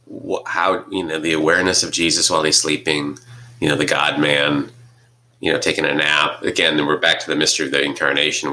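A man's voice: rumbling low, pushed and bright. A man co-hosting a casual talk on scripture, thinking aloud with frequent restarts and hesitations. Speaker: podcast co-host discussing scripture. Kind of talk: casual conversation.

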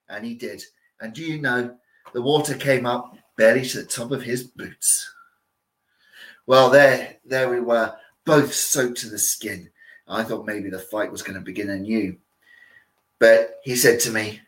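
A man's voice: medium pitch, lively intonation, normal speed, fairly bright tone, low-quality recording. A man telling a story in character as a costumed storyteller, with a theatrical delivery and playful asides to his listeners. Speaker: costumed storyteller at a visitor attraction. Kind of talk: theatrical first-person storytelling.

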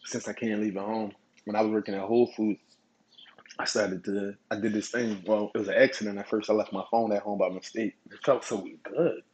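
Laid-back husky-voiced man. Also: lowish voice, fairly even intonation, fairly quick, a little mellow, poor audio. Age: adult. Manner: laid-back, profane storytelling with chuckles. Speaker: podcast host. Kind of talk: casual solo podcast monologue.

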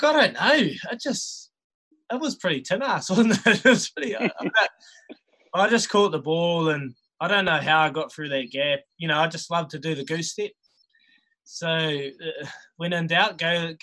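A man's voice: a little high, moderate pace, bright, forceful tone, rough recording. A man in his thirties with a New Zealand accent, a rugby player guest telling stories in a laid-back, chuckling way. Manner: laid-back, chuckles often, many restarts. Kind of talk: casual storytelling chat.

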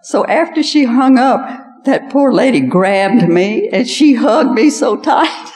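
A woman's voice: fairly high pitch, animated, takes it slowly, darkish tone, big-room sound. An older woman giving a folksy personal testimony as a guest speaker at an evening women's gathering. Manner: folksy storytelling, repeats "I said". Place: large hall at an evening event.

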